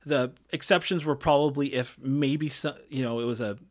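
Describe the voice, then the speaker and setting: A man's voice: mid-range voice, normal speed. Rambling man hosting a podcast. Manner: rambling, many fillers and restarts. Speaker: podcast host. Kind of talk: casual chat.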